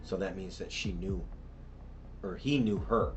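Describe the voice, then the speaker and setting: A man's voice: low voice, a little slow, over music. A middle-aged man recounting events to a detective in a police interview, in a tumbling, repetitive way with many restarts. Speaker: witness being questioned by police.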